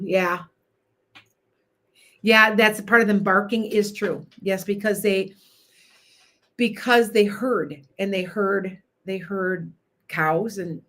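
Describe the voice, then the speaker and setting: A woman's voice: lowish voice, fairly bright tone. An older woman hosting a live stream, chatting in a rambling, self-interrupting way. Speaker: livestream host. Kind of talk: casual live-stream chat.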